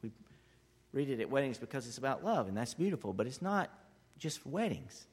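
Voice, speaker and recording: A man preaching a sermon with passion, building to loud emphatic peaks and then dropping low and quiet. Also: very animated, brisk, husky. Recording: long hall reverb.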